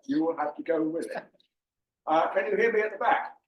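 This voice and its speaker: A man's voice: on the high side, fairly quick. Older man giving a jokey talk. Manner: jokey, chatty, with many ums. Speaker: presenter. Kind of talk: informal slide presentation. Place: meeting room with an audience. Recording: far-off mic, roomy and muffled.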